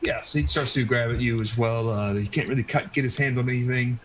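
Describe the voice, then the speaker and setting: A man's voice: medium pitch, steady tone, brisk, slight background noise, rough recording. A man acting as game master, describing the action in a loose, casual way with frequent laughs. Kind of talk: narrating a tabletop game.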